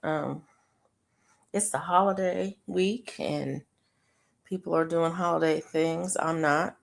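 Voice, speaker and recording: Low gravelly-voiced woman chatting. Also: steady tone, slow. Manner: rambling, laughs often, many ums; crocheting while talking. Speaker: live stream host. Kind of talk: casual chat to live viewers.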